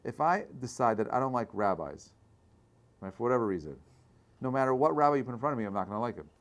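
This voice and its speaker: A rabbi speaks to his class in a lively, conversational way, tossing in quick checks to his listeners. He is a man with a mid-pitched voice, and his talk keeps swelling into loud, emphatic stretches. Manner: conversational, checks in with frequent "right?"; animated, builds to loud bursts. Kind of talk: informal Torah class talk.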